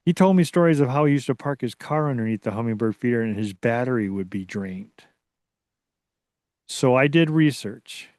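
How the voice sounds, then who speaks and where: A man being interviewed as a researcher, telling a story in a casual, excitable way that rambles and restarts. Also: medium pitch, moderate pace, no room sound, studio quality. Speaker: guest, Bigfoot researcher.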